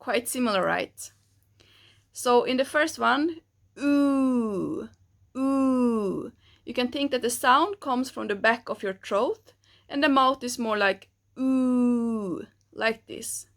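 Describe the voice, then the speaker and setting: Woman language teacher, fairly high voice, slow and patient delivery. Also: expressive, vocal fry, a bit bright. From Sweden. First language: Swedish. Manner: slow and patient, models sounds for the learner to repeat. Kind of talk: pronunciation lesson.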